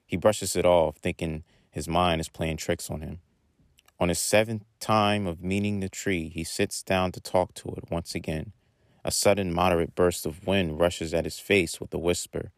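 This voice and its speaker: Guy reading a story out loud, real low voice, plain and steady. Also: moderate pace, dry recording.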